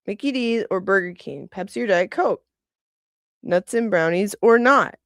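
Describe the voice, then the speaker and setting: A woman's voice: mid-range voice, animated, moderate pace, a bit bright, dry recording, studio quality. A woman in her forties hosting a casual livestream, rambling, chuckling often and reading out viewer comments. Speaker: livestream host.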